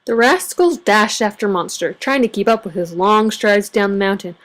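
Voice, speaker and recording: A woman reads a children's picture book aloud in a mid-range voice. Her storytelling is expressive and varied. She gives the story a gentle read-aloud lilt. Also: medium pitch, moderate pace. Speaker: storybook reader.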